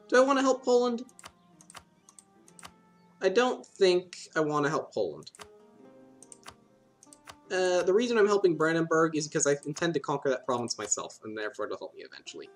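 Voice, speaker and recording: A gaming video host with a voice on the high side rambles playfully as he plays a strategy game. He talks to himself and laughs at his own jokes.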